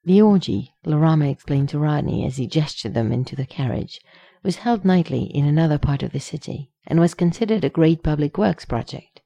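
A woman reading a story aloud as narrator, expressive and close to the microphone. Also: low-pitched, a little fast, creaky, dry recording. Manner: expressive, reads punctuation aloud. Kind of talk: audiobook reading of fan fiction.

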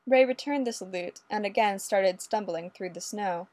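Lady reading a story out loud, lively, super dry close mic. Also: medium pitch, normal speed, no room sound. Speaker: audiobook reader. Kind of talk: storybook narration.

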